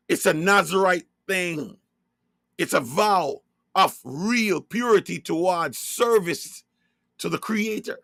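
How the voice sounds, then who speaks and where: A Jamaican man with a Jamaican accent preaches with emphasis during a livestreamed religious talk, tossing out rhetorical questions. His voice sits high, creaky and fairly bright. The studio recording is clean, with no room sound.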